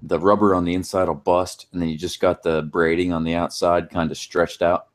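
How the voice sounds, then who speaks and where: A man's voice: low-pitched, level tone, brisk. A man in casual chat among friends, telling crude stories with lots of swearing. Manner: crude, drawling storyteller.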